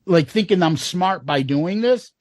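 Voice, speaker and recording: A man in his fifties tells a rambling, foul-mouthed story on a podcast, laughing often and acting out the other people's lines. His voice sits high for a man, and the recording is dry and close with no room around it. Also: expressive, a little slow, darkish tone, no room sound. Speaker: podcast co-host. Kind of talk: casual storytelling chat.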